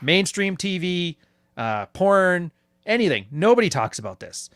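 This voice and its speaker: A man's voice: high voice, big pitch swings, a little slow, fairly bright tone, dry recording, studio quality. A man hosting a casual interview, joking and teasing his guest. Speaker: podcast host.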